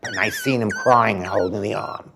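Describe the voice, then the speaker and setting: A man telling a story in an animated way, acting out the voices of the people in it. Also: fairly low pitch, normal speed, creaky, noisy background. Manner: acts out the voices in his story. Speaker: interviewee. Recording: music bed behind voice.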